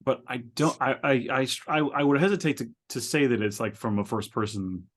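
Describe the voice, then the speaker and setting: Male co-host, mid pitch, chatty and rambling, stumbles on his words, laughs easily. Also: a little fast. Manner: rambling, stammering, laughs often while describing. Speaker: podcast co-host. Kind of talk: casual chat. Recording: lower quality than usual.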